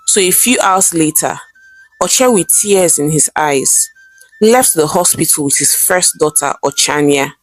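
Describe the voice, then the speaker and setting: A woman narrating a folktale in a dramatic storyteller manner. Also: deep voice. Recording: faint background music.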